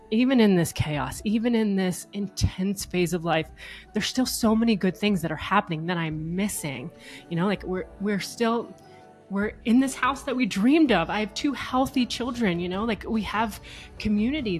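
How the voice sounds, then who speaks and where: A woman in her thirties, a mother and podcast co-host, telling a personal story in a chatty, animated way, with frequent laughs and fillers. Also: medium pitch.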